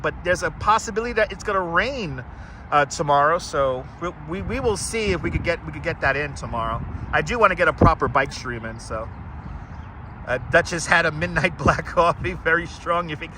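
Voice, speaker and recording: A man from Brooklyn, New York, hosts a casual walking live stream outdoors on city streets, chatting and rambling as he greets viewers by name. His voice sits fairly high and sounds pushed and bright, picked up by a wireless clip-on mic with a little hiss or hum.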